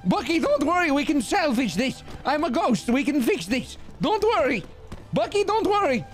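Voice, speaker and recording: A man's voice: very high-pitched, sing-song, normal speed. A man playing a goofy male fugitive who faked his own death, stammering and flustered in a role-play game. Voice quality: bumbling, stammering, playful. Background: music.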